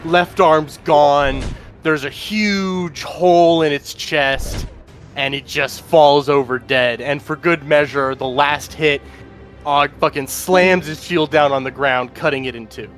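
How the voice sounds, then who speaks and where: Excitable, swearing man playing a tabletop game. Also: on the high side, takes it slowly, soft background music. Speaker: player.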